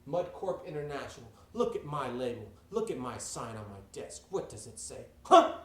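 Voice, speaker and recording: A man voicing a furious, bossy male villain who runs a company, shouting and blustering in a raised voice. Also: medium pitch, measured pace, echoey room, lightly acted.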